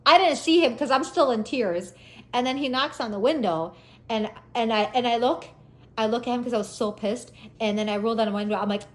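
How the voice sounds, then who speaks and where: A woman in her forties telling a personal story casually, animated, acting out quotes in sudden loud high bursts. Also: fairly quick.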